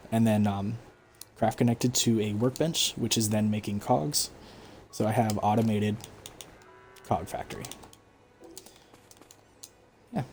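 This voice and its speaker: A man giving relaxed, explanatory commentary over his own gameplay stream, with frequent fillers. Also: medium pitch, slight background noise. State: hiccups. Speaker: gaming streamer.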